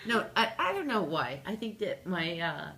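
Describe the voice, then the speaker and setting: Canadian woman in her 40s, kinda gravelly and lowish, jokey storyteller in an interview. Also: normal speed. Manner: animated, jokey, acts out her own lines. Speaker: interview guest, singer-songwriter.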